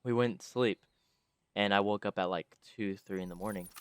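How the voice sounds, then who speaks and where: Deep-voiced man rambling through a story. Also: fairly even intonation, moderate pace, smooth. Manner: rambling, lots of fillers and restarts. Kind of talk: casual storytelling.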